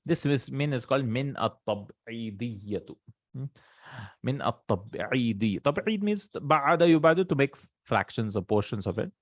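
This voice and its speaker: A man's voice: mid-range voice, expressive, normal speed, no room sound, clean studio sound. A man teaching an Arabic grammar lesson in English, patiently repeating terms with frequent thinking hums.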